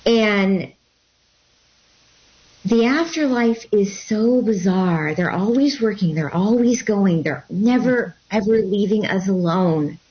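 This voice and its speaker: Woman telling an animated personal story. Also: medium pitch, slow pace. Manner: animated storytelling, acting out quotes. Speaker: guest. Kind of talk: storytelling in an interview. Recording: dull lo-fi sound.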